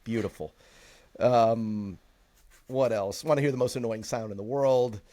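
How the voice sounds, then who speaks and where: A man co-hosting a podcast in casual chat, excited, laughing often and quoting movie lines with gusto. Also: mid-range voice, measured pace. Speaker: podcast co-host.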